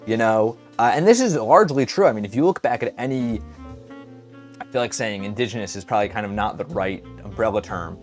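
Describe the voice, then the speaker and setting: A man's voice: lowish voice, very animated, fairly quick, faint music behind. A man hosting a solo podcast, talking casually and rambling, with self-deprecating asides and stutters. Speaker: podcast host. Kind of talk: casual solo talk while painting.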